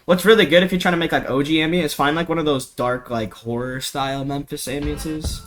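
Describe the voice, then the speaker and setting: Young man, bright tense voice, slangy and rambling, casual tutorial, cheap mic at home. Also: a little high, steady tone, a little fast, faint music behind. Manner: slangy, rambling, lots of fillers and swearing. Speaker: music production tutor. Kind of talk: casual screen-recorded tutorial. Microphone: cheap desk mic.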